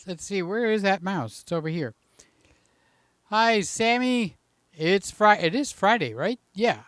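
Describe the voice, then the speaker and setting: A man's voice: high voice, lively intonation, unhurried, fairly bright tone, clear, resonant tone, no echo. A man hosting a casual live stream from home, talking in a chatty, jokey way and reading out the chat, a little out of breath, holding a handheld mic. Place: room in his house.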